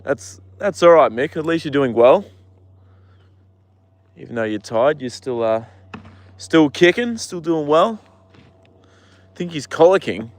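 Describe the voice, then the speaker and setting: A man's voice: a little high, expressive, slow, pauses often, dry recording. A man hosting a casual live stream outdoors by a horse paddock, rambling and answering viewer comments, with the odd swear word.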